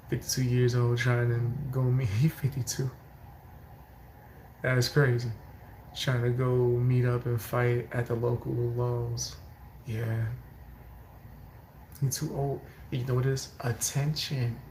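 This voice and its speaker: A man doing casual reaction commentary, laughing hard and wheezing as he tries to hold back loud laughter. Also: mid-range voice, vocal fry, a little hiss or hum, poor audio. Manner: animated, quotes people mid-story.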